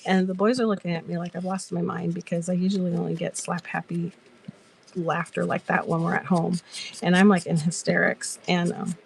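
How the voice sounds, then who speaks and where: A woman's voice: on the low side, flat delivery, fairly quick, creaky, slightly rough. A woman hosting a casual crafting chat, telling stories in a giggly, rambling way. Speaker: crafter and live-selling host.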